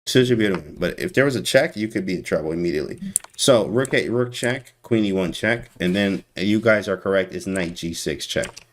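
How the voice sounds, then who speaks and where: Male chess streamer, low-ish, animated and teasing. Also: brisk, slight background noise. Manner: animated, teasing, talks to chat. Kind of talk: casual live-stream chess commentary.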